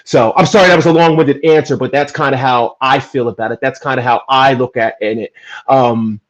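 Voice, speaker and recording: A man from New Jersey talking earnestly and emphatically in a casual podcast chat, making his case with animated bursts. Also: mid-range voice, fairly quick. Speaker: podcast guest. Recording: dull lo-fi audio.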